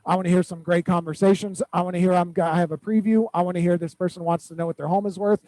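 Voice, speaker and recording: A man with a high-pitched voice runs a weekly accountability call for his real estate team. He gives direct instructions and keeps repeating the action items. The sound is dry and close. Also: quick pace, no room sound, rough recording. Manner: direct, repetitive instructions with animated storytelling.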